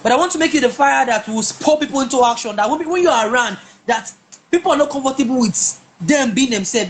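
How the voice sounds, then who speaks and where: A woman's voice: a little high, slight background noise. A woman, a guest telling her personal story emphatically, often repeating words and restarting. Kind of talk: personal testimony in a conversation.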